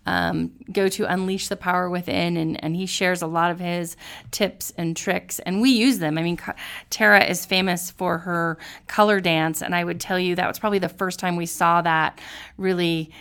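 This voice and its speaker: A woman's voice: fairly low pitch, steady tone, normal speed, creaky, a bit bright, clean tone. A woman hosting a podcast, chatting in an upbeat, encouraging way and giggling now and then. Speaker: podcast host. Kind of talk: casual motivational podcast chat.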